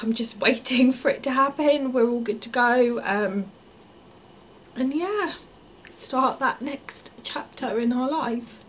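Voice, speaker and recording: A woman's voice: fairly high pitch, lively intonation, a little slow, slight background noise. Woman, 30s, casual vlog, candid and chatty, faint background ambience. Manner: candid, chatty, with frequent ums and likes. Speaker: family vlogger.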